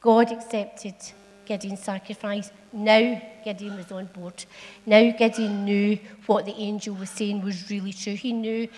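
A woman's voice: mid-range voice, level tone, a little slow, a little mellow. A middle-aged woman with a Scottish accent, telling a Bible story to a church in a homely, playful, chatty way. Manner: homely, chatty and playful, with local turns of phrase. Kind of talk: storytelling sermon. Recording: long echo of a large hall.

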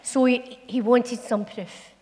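A woman's voice: a little high, steady tone, slow pace, a little mellow. A middle-aged woman with a Scottish accent, telling a Bible story to a church in a homely, playful, chatty way. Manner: homely, chatty and playful, with local turns of phrase. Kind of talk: storytelling sermon. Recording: long echo of a large hall.

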